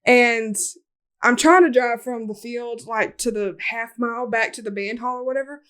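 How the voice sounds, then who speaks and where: Young female podcast host, high voice, loose and animated storyteller, swears freely. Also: normal speed, clear, resonant tone. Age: young adult. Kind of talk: casual storytelling chat.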